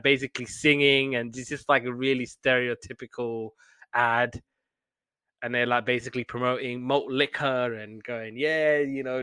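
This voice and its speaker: A man's voice: medium pitch, sharp tone, clean tone, no echo. A young man casually recapping a sitcom episode as a podcast host, rambling with lots of fillers. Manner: chatty, loose retelling with many fillers and quick laughs. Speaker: podcast host reviewing TV shows.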